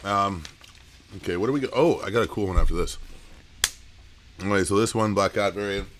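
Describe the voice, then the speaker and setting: A man's voice: on the low side, slight background noise. A man who owns a comic shop, running a live auction and telling rambling shop stories in casual chat. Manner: rambling storyteller, quick asides.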